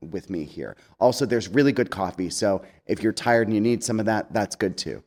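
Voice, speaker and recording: Relaxed man closing a church service. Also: fairly low pitch, moderate pace, few pauses. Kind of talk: closing remarks to a congregation. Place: church sanctuary.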